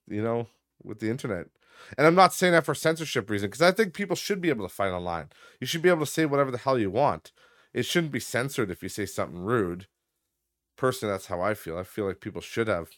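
A man's voice: medium pitch, no echo, clean studio sound. A man hosting a podcast, ranting bluntly and profanely with lots of fillers. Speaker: podcast host. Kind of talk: casual ranting podcast monologue.

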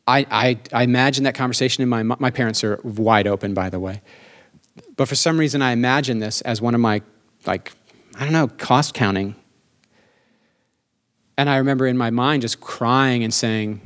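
Animated male pastor preaching a sermon. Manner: animated, emphatic, asks the congregation for amens; slows down for emphasis, rising pitch on key lines.

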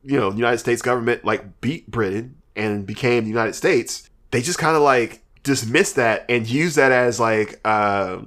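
A man's voice: medium pitch, moderate pace, hardly any pauses, a bit bright. A man co-hosting a podcast in casual chat, who swears freely, laughs often and rambles through restarts. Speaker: podcast co-host.

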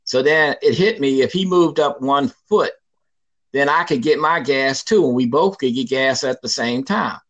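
A man in his sixties telling a personal story in an interview, lively and emphatic, acting out what people said. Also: mid-range voice, moderate pace, dull audio. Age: 60s. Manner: lively, emphatic storyteller who acts out quoted lines.

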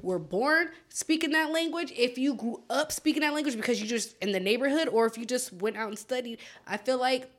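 High-voiced, animated woman storyteller. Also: a little fast, hardly any pauses. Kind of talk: casual chat.

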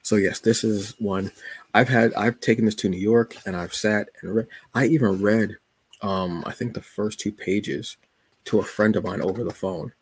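Podcast guy just chatting, low kinda husky voice, jokey and loose, dry close sound. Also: normal speed, dry recording. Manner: laid-back, joking, colloquial. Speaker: podcast host. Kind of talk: casual solo chat.

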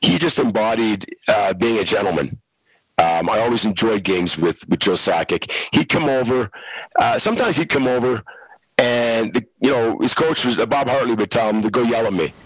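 A middle-aged man with a husky, slightly rough voice spins relaxed stories from his years as a hockey referee. His tone is easygoing and anecdotal, with plenty of restarts as he speaks. The sound is dry and close, coming through a video call. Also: lowish voice, normal speed, no room sound, low-quality recording. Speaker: former hockey referee, guest. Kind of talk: casual storytelling interview.

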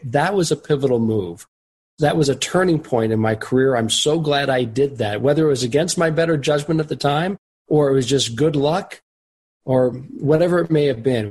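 A male interviewer puts his questions to the guest slowly and with care. His voice is medium in pitch, with a husky texture.

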